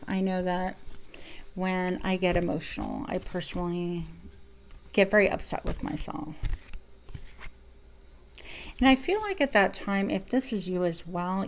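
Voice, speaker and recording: A woman's voice: medium pitch, a little mellow, a little hiss or hum, poor audio. A woman giving a spiritual card reading to her viewers, reflective and searching for words as she goes. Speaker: tarot reader.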